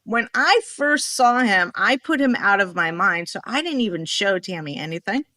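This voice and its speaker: A woman telling a rambling story in a casual podcast conversation, acting out what people said with lively swings in her voice. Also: mid-range voice, moderate pace, no room sound. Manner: animated, rambling, acts out quoted dialogue.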